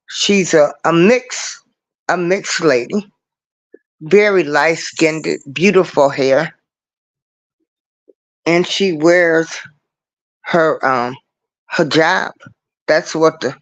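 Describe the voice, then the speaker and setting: A man's voice: fairly high pitch, fairly bright tone. A man hosting a casual livestream show, talking earnestly and in a preachy way, repeating his points as he speaks into a computer mic.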